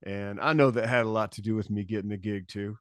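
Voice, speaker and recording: A man's voice: on the low side, steady tone, quick pace, dry recording. A man, a podcast guest and touring musician, telling stories in laid-back casual chat with frequent restarts and swearing.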